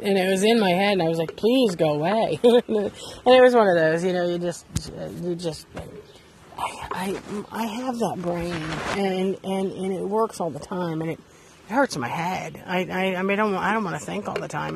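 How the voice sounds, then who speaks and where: A woman's voice: lowish voice, a little hiss or hum. A woman hosting a casual monologue podcast, talking candidly and rambling, sitting outdoors beside her bus. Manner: rambling, candid, self-deprecating. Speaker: podcast host.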